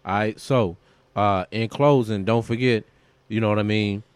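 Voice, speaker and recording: A man co-hosts a podcast in an easygoing, filler-heavy way. His voice sits a little low and sounds smooth and clear. The recording is dry and close. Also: fairly even intonation, moderate pace, no room sound. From Kentucky, US. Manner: laid-back, loose with fillers. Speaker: podcast co-host. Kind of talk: casual podcast chat.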